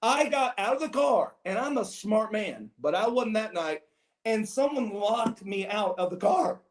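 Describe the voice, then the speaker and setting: A man with a fairly high voice spins long, rambling anecdotes in loose podcast banter. He talks in quick bursts and laughs loudly between stories. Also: lively intonation, reverberant. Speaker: podcast guest.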